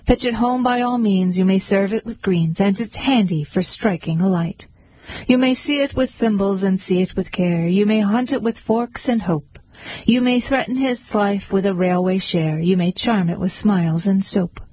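A woman's voice: medium pitch, normal speed, mellow, husky, lightly acted, low-quality recording. A woman voicing a meek, tearful male baker telling his story mournfully in a storybook poem. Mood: recounting.

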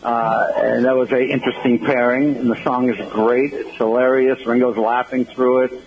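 A man calling in to a radio show, talking casually, hurried and apologetic as he gets distracted. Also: medium pitch, flat delivery, slight background noise. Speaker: phone-in guest, event organizer. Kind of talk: casual radio phone interview. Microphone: phone line. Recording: dull lo-fi phone line.

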